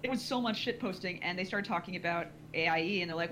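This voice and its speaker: A woman co-hosting a podcast in casual group chat, loud, excitable and swearing freely. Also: on the low side, rapid-fire, few pauses, background noise. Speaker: podcast co-host.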